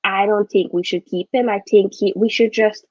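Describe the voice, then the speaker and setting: A woman's voice: medium pitch, steady tone, normal speed, a little mellow, no room sound, muffled recording. A woman hosting a live football watchalong, chatting casually and rambling, often correcting herself mid-sentence. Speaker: football vlogger host.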